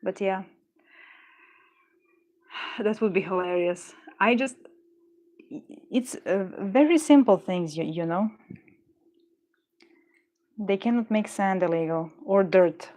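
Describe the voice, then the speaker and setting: A woman's voice: mid-range voice, takes it slowly, long pauses, dark tone. A woman chats loosely to viewers while making jewelry at her desk. She rambles and wanders off on tangents, talking herself down whenever the work frustrates her. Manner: rambling and chatty, talks herself through frustration. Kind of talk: casual chat while crafting.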